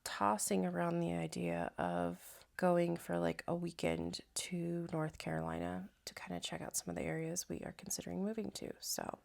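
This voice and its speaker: A young woman, a stay-at-home mom, talking to camera in a casual vlog, soft and reflective with many hesitant fillers. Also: on the low side, flat delivery, normal speed, hardly any pauses. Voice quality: gravelly vocal fry.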